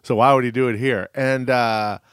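Male co-host, mid-pitched, wry comedic banter, dry sound. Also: fairly even intonation, moderate pace, clean tone, no echo. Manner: jokey, sarcastic asides. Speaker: podcast co-host. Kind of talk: casual comedic chat.

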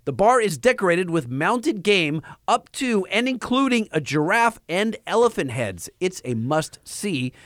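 Man, easygoing, high voice with lively pitch, dry recording. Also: measured pace, few pauses, no room sound. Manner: easygoing, stumbles over names. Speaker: podcast co-host. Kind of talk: casual chat reading listener mail.

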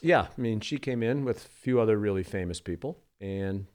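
A man's voice: fairly low pitch, brisk, darkish tone. A middle-aged man from the Boston area, a sportscaster guest, telling rambling anecdotes full of ums in a casual interview.

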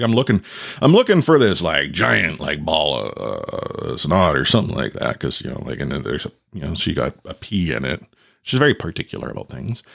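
A man in his thirties, a father who hosts a podcast, tells a rambling story in a casual monologue, animated and acting out quotes with many restarts. His voice is fairly low and creaky.

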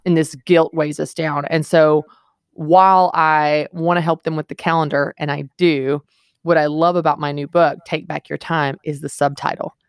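A woman's voice: low voice, level tone, moderate pace, clean tone, dry recording, studio quality. A woman in her thirties, a guest author on a podcast interview, telling stories earnestly and with emphasis.

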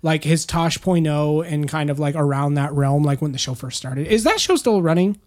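A man's voice: on the high side, normal speed, a little mellow. A man from the American South hosting a podcast, rambling in casual chat with lots of fillers and swearing. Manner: rambling, filler-heavy, profane.

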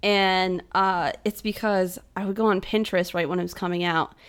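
A woman who performs on stage, chatting as a podcast guest, animated and quick to slip into impressions. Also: lowish voice, smooth. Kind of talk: casual chat.

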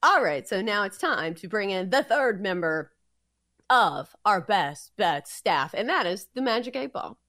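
Female betting show co-host, teasing casual chatter, very lively pitch. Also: a little slow. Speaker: sports betting podcast co-host. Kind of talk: casual sports betting chat.

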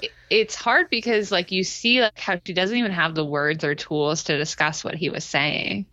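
A woman in casual chat as a podcast co-host, retelling scenes in a gushing, animated way. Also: fairly low pitch, normal speed, dry recording, lo-fi sound. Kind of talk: casual chat recapping a TV episode.

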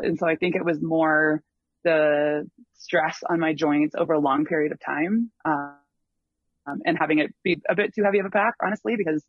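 A man's voice: a little high, gravelly, no room sound. A man telling of his long hike in a casual interview, rambling with many ums and restarts. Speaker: long-distance hiker guest. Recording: dull lo-fi dry sound.

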